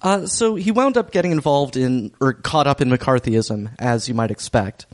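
A man's voice: medium pitch, animated, normal speed. Guy cohosting a podcast, rambly, lots of ums and restarts. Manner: rambling, many fillers and restarts. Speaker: podcast co-host. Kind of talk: casual podcast chat.

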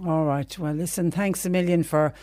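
A woman's voice: low-pitched, fairly even intonation, moderate pace, dark tone, no echo. A woman with a Cork accent hosting a radio phone-in, chatty and emphatic. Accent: Irish, Cork. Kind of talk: talk radio chat.

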